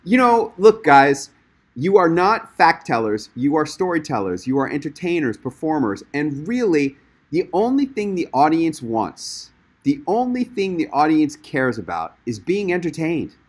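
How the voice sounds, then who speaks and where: A man's voice: on the high side, big pitch swings, measured pace, breathy edge. A man hosting a webinar and coaching speakers with emphatic, enthusiastic encouragement.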